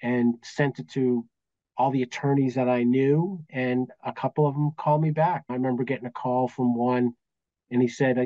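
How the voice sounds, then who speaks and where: A man's voice: mid-range voice, fairly even intonation, moderate pace, warm tone, no echo, muffled recording. A man in his fifties with a Boston accent, a guest telling work stories in a casual interview and acting out the dialogue. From Massachusetts, US. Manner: anecdotal, acts out quoted dialogue. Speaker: guest, business valuation accountant.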